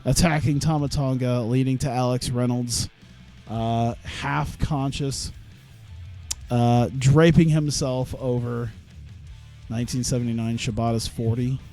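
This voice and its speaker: A man's voice: mid-range voice, steady tone, a little slow, mellow, faint music behind. Profane, laughing male game streamer. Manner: profane, laughing, rambling commentary. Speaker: streamer playing a wrestling management game. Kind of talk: casual let's-play commentary.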